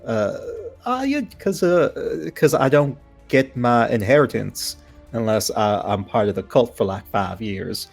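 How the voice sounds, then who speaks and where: A man voicing a sly young male kobold cult heir in a put-on Southern American accent, halting and hushed. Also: medium pitch, expressive, gravelly, faint music behind.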